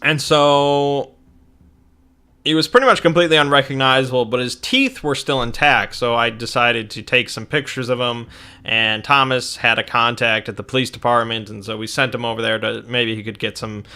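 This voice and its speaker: A man's voice: mid-range voice, fairly even intonation, moderate pace, sharp tone. A young man recounting a tabletop game session in a rambling way, with many fillers and restarts.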